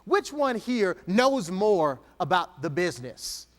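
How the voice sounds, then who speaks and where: High, lively male keynote speaker. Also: big-room sound. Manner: rhetorical questions with dramatic pauses. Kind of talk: motivational speech to an audience.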